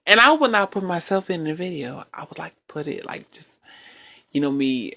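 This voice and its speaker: High-voiced man telling an animated story. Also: fairly quick, gravelly. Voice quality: high-pitched voice. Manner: animated storytelling, acts out quotes. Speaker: podcast co-host. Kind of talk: casual chat.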